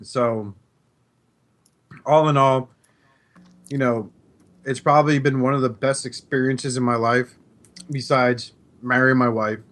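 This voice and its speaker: A man at a middle pitch chats casually on a podcast. He talks in a relaxed, teasing way, with plenty of fillers. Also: a little slow, long pauses. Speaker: podcast co-host.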